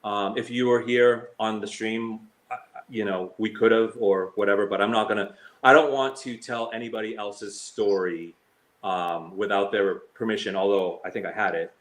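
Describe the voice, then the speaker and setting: His intonation fairly even and his pace moderate, a male slots streamer talks emotionally on a live stream, sounding hurt and heated with many fillers and restarts. He quotes others in a shrill, mocking high voice.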